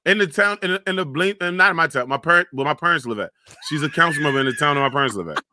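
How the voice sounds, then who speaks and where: Bright-voiced man in profane banter. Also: fairly high pitch, expressive, rapid-fire. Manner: profane, laughing, playful trash talk. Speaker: podcast co-host. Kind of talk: casual chat.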